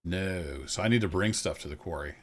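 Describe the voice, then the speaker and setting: Low-voiced male game streamer with an easygoing, chatty manner who talks viewers through his play. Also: fairly quick. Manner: easygoing, self-deprecating, thinks aloud to viewers. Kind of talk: casual live gameplay commentary.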